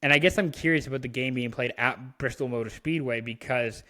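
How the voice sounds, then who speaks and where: A man's voice: medium pitch, fairly quick, pushed and bright. A man from Canada, a podcast co-host, chatting casually about hockey with many fillers and restarts. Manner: rambling, frequent fillers and restarts. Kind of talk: casual sports chat.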